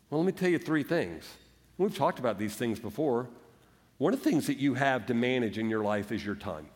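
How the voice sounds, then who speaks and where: A man's voice: mid-range voice, lively intonation, fairly quick, darkish tone, big-room sound. A man preaching a sermon as pastor, earnest, sometimes acting out the voices of doubters and of Jesus. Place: church sanctuary.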